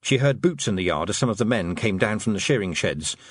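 Husky male audiobook narrator. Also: fairly low pitch, fairly quick, no echo, studio quality. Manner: lively, expressive storytelling.

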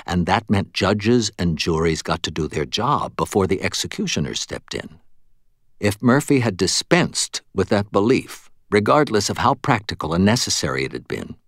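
A man narrating an audiobook in the first person, measured and understated. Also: a bit bright, no room sound, clean studio sound. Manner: measured, understated and low-key.

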